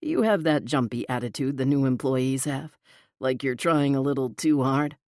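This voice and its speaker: Deep amused male boss, low and teasing, audiobook romance lead, voiced by a woman narrator, dry close sound. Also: moderate pace, a little mellow, dry recording. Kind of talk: audiobook character voice.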